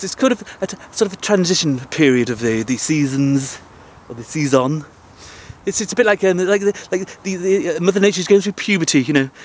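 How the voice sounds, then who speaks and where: A man in his forties with a Northern English accent rambles through a crude, joking outdoor vlog while climbing sand dunes. He sounds winded, with a faint hum of wind and outdoor ambience behind him. His pitch sits in a middling range. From England. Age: 40s. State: out of breath. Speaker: vlogger.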